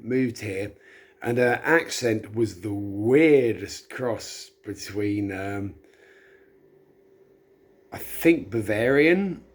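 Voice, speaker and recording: Husky, slow, tipsy man. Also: medium pitch. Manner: chatty, self-deprecating, wandering. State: tipsy from drinking. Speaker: vlogger. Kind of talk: rambling casual monologue.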